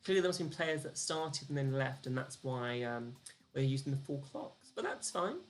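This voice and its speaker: An expressive voice of medium pitch, moderately paced, hosts a live-streamed quiz over faint background music. Chatty and self-deprecating, the host counts down the clock and reads out the answers and the leaderboard.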